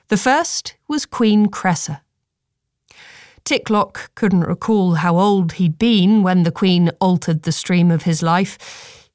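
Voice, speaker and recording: Slow, measured woman narrator. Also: fairly low pitch, darkish tone, no room sound, clean studio sound. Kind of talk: audiobook narration.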